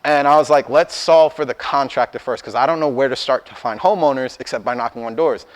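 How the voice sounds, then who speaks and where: A young man telling a startup story in a casual, animated way. He swears freely and acts out the back-and-forth of each conversation. His voice sits in an ordinary middle pitch. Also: brisk, rough recording. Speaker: startup founder giving a talk. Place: indoor talk to an audience.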